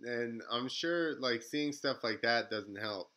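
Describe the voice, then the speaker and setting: A man's voice: medium pitch, takes it slowly, bright, forceful tone, poor audio. A man hosting a casual podcast, easygoing, laughing along and asking questions. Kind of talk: casual chat.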